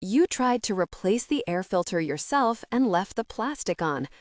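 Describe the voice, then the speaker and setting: A woman's voice: mid-range voice, big pitch swings, moderate pace, dry recording, natural voice. Audiobook role: a woman doing a brooding young mechanic, terse and blunt, dry studio sound. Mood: firm.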